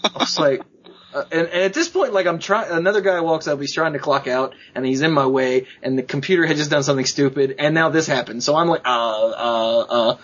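Husky man telling a lively story. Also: a little high, fast talker, highs cut off. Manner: animated, acts out quoted voices, laughs often. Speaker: podcast co-host. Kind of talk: casual storytelling chat.

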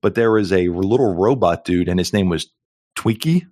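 A man's voice: low voice, animated, moderate pace, darkish tone, no room sound, studio quality. A middle-aged man co-hosting a podcast in casual chat, jokey and rambling with lots of fillers. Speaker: podcast co-host.

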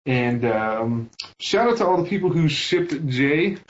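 A man guesting on a podcast, chatting casually and halting often with fillers. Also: medium pitch, lively intonation. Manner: halting, full of uh and um. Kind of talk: casual chat. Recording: dull lo-fi sound.

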